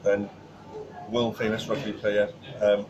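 A man's voice: on the low side, completely flat delivery, unhurried, noisy background. A man, a chef guest on a podcast, telling stories casually with many fillers and restarts. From Wales.

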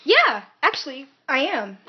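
A woman's voice: high voice, huge pitch swings, a little slow, dull audio. A woman co-hosting a casual chat about movies and TV, teasing and laughing often.

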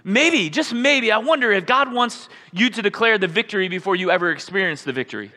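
A man preaching a sermon as pastor, conversational, often asking "right?" and breaking into shouts. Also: high voice, expressive, a little fast. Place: church sanctuary. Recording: live church hall with long reverb.

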